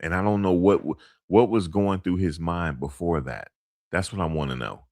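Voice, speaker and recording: A man's voice: low-pitched, normal speed, a little mellow, dry recording. A middle-aged man talking casually into a close mic, rambling through a personal story in loose street slang with lots of fillers and restarts. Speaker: commentator.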